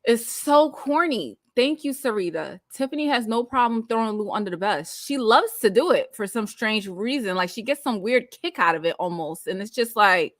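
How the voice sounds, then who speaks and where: Sassy, animated woman recapping reality TV. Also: a little high, moderate pace, hardly any pauses, dry recording, clean studio sound. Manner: animated, sassy, drops into mocking quoted voices. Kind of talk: casual recap chat, reading viewer comments.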